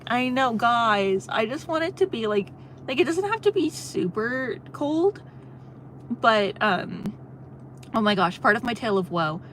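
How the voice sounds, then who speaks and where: A woman's voice: on the high side, lively intonation, a little slow, fairly bright tone, slight background noise. A young woman on a livestream, chatting casually, reading chat and telling a long story with frequent laughs. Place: in a car on a road trip.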